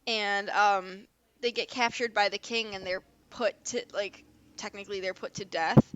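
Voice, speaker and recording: A woman's voice: mid-range voice, fairly even intonation, normal speed, a bit bright, lo-fi sound. A woman co-hosting a podcast in casual chat, chatty and gushing, laughing often. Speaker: podcast co-host.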